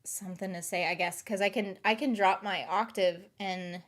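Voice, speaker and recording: A woman's voice: mid-range voice, steady tone, moderate pace. A woman in her late twenties with a light Southern US accent, chatting casually as a streamer in a rambling, hesitant way. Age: late 20s. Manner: rambling, hesitant, many fillers. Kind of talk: casual chat.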